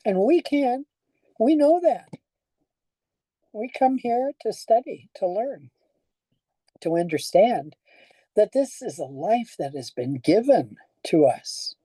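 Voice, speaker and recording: A woman's voice: on the high side, warm tone, slightly rough, no room sound, poor audio. An older woman pastor giving a conversational sermon, telling stories and asking the congregation questions.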